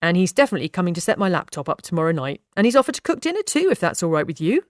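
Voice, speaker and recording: A woman voicing an elderly grandfather who talks in a gentle, homely way, in an audiobook reading. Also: lowish voice, big pitch swings, racing, no room sound, studio quality. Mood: fond. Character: elderly British grandfather, kindly, plain-spoken.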